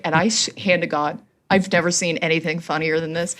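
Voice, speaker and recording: A young adult woman co-hosting a podcast, telling a comedic story in a casual, animated way and laughing as she goes. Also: fairly low pitch, moderate pace, hardly any pauses. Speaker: podcast co-host.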